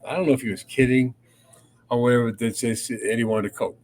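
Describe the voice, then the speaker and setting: A man's voice: mid-range voice, fairly even intonation, fast, darkish tone. An older man co-hosting a casual radio podcast, rambling through anecdotes and swearing freely. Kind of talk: casual storytelling chat.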